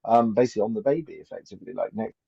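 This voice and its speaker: A man's voice: fairly low pitch, very fast, creaky, husky. A man teaching an informal Torah class as a rabbi, chatty and anecdotal, often asking "right?". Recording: dull lo-fi recording.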